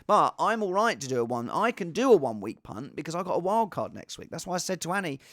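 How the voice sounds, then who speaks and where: A man's voice: on the high side, sing-song, brisk, a bit bright, no room sound, clean studio sound. A man chatting casually on his own as a fantasy football vlogger, rambling with restarts and asides. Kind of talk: casual solo chat.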